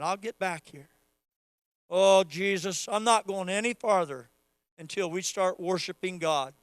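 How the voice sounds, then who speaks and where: A man preaching a sermon, moving from casual teaching to loud, fervent prayer. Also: high voice, normal speed, clean tone, no room sound, clean studio sound. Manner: acts out quoted voices of God playfully. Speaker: pastor.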